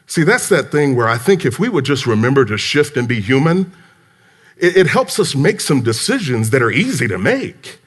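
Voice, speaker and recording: In a conference hall, a business speaker gives a motivational talk on leadership to a live audience at a moderate pace, his voice carrying a breathy edge. An animated, emphatic storyteller, he acts out every side of the conversations himself, his voice climbing high and dropping low.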